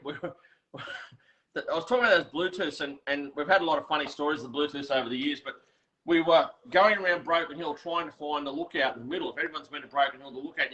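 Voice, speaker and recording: An Australian man hosting a casual online catch-up, telling stories with quick laughs and lots of restarts. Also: on the high side, pushed and bright. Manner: chatty storyteller, quick and laughing, many restarts. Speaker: host. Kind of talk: casual chat. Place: home workshop. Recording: lo-fi video call audio.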